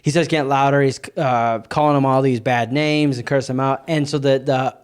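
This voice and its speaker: A young man co-hosting a podcast, telling a story in casual chat with lively asides and frequent restarts. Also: mid-range voice, brisk, clean tone. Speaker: podcast co-host.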